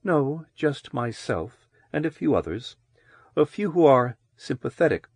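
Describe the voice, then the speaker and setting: A man voicing a mature, commanding woman who speaks calmly and in a hushed way in an audiobook reading. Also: medium pitch, unhurried, breathy edge, no room sound, voice pushed up, exaggerated voice. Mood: quiet, gentle. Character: mature commanding woman, calm and low-spoken.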